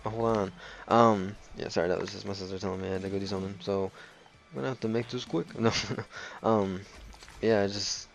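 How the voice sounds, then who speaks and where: A man's voice: on the low side, steady tone, a little fast, creaky, faint music behind, low-quality recording. A man casually commenting over a game he plays, rambling with frequent swearing and fillers. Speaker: let's play commentator.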